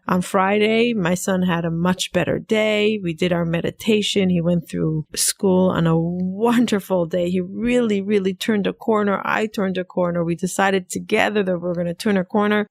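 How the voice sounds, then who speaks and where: Thirties woman, solo podcast host, very creaky fry, dry booth sound, earnest and repetitive. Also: fairly low pitch, no room sound. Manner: earnest, warm-hearted, speaks in repetitions.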